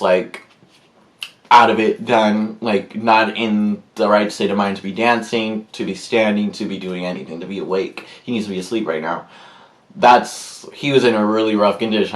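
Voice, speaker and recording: A man's voice: fairly low pitch, moderate pace. A man telling a story in a casual vlog, rambling with many fillers and acting out the people he quotes. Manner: animated, acts out quotes in put-on voices. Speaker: YouTuber.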